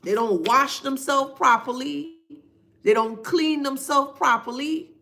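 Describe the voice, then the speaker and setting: A woman talks slowly to her live-stream viewers. Her voice sits high, and she repeats phrases for emphasis. She breaks off to thank viewers by name. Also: gravelly, bright, forceful tone. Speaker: spiritual reader on a live stream. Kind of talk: casual live-stream reading.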